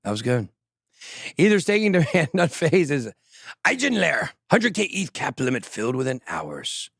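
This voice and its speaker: A man's voice: medium pitch, very animated, normal speed, dry recording, studio quality. A man hosting a crypto show in casual chat, joking and poking fun at himself while reading the news with tangents. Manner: joking, self-mocking, reads news with tangents.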